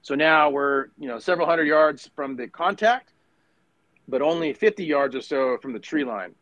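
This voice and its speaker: A man's voice: a little high, expressive, moderate pace, a bit bright, no room sound, lo-fi sound. Man, middle-aged, veteran guest, casual storytelling, dry close sound, lots of restarts. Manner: conversational, many fillers and restarts. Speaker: guest, retired Marine officer. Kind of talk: casual war story told in conversation.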